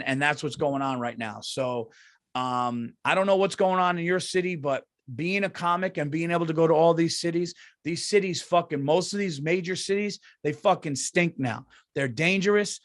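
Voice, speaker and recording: A middle-aged man rants on his comedy podcast. He sounds heated, swears freely and circles back over his points. His voice sits slightly higher than most men's. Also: fairly bright tone. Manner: heated, profane, repetitive ranting. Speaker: podcast host. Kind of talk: casual comedy podcast rant.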